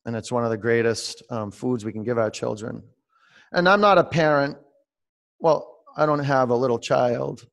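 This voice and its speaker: Male yoga teacher w/ a gravelly mid voice, calm coaching, calls students by name. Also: medium pitch, moderate pace. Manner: calm, meditative coaching with direct instructions. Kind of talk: guided online yoga class.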